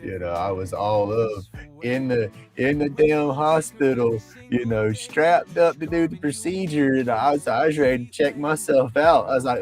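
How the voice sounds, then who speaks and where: A man's voice: medium pitch, moderate pace, darkish tone. A middle-aged man, chatting casually on a livestream, rambling and laughing often. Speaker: livestream host. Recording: faint music behind.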